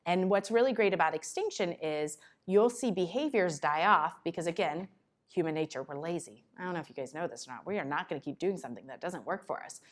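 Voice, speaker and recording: A woman giving a conversational conference talk to parents, breaking into quick acted asides. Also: fairly low pitch. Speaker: conference presenter on child behavior. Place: conference room.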